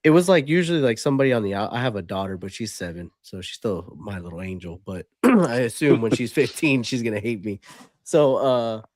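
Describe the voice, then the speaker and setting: A man's voice: medium pitch, expressive, a little mellow, dry recording, clean studio sound. A man, a podcast host and Army veteran, chatting loosely with many fillers. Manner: loose, halting, full of "like" and "uh". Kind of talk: casual interview chat.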